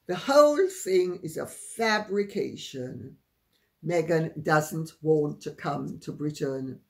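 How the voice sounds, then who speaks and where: Slow, sardonic woman commentator. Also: fairly low pitch. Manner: sardonic, mocking. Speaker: royal commentator. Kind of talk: casual commentary.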